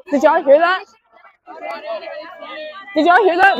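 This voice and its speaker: A teenage girl teasing her friends loudly and excitably on a clip-on mic at a football game. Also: high-pitched, unhurried, pauses often, muffled recording. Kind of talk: casual chat. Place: outdoor football stadium.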